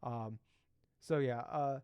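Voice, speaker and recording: A man's voice: mid-range voice, steady tone, slow, clean tone, no echo, dull audio. A man in his thirties co-hosting a casual gaming podcast, rambling with lots of fillers and the odd swear word. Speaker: podcast co-host. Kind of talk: casual chat.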